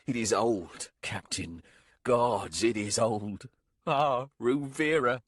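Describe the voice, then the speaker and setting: A man voicing a frightened male warlock who speaks in a rough, rasping hiss, in an audiobook. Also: mid-range voice, slow pace, dry recording, studio quality, pitched above the performer's own voice. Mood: urgent, hoarse.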